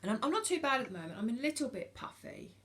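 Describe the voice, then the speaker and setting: Gravelly-voiced British woman in her forties. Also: fairly high pitch, big pitch swings, quick pace, fairly bright tone. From United Kingdom. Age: 40s. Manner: hesitant, many ums and restarts; frank and earnest. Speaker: vlogger. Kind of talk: casual talk to camera.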